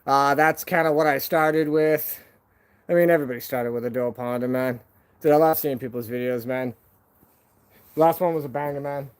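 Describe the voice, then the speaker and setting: A man's voice: mid-range voice, normal speed, smooth. A man hosting a casual live stream from home. He talks to viewers in a laid-back, slangy way, calling them "man" and "dude".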